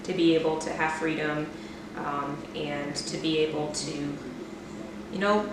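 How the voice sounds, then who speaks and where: Her low voice stays steady and measured as this cooking vlogger decorates a cake in her home kitchen. She keeps the demo chatty, playful, and self-deprecating. Background noise and a distant mic in an echoey kitchen color the recording.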